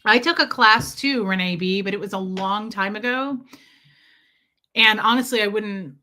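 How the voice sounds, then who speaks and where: A woman talks casually on a live stream, telling a personal story in a candid, rambling way. She keeps breaking off to greet viewers by name. Her voice is bright and forceful, sitting in a middle pitch. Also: normal speed. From lives in Tennessee. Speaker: live-stream host reading viewer chat.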